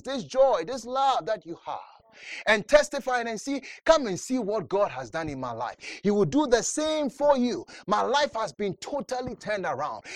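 High, lively preaching man. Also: no room sound. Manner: fervent, with rising repeated calls. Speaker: pastor. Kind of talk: sermon.

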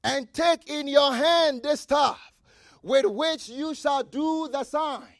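A man preaching a fervent sermon, repeating phrases, shouting key lines and reading scripture aloud. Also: very high voice, takes it slowly, no room sound, studio quality. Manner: reads scripture aloud and comments with asides.

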